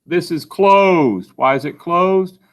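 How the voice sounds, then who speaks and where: Speaking slowly with a fairly high pitch, a male teacher works through a phonics lesson. This classroom recording has him patiently asking questions and answering each one on his own.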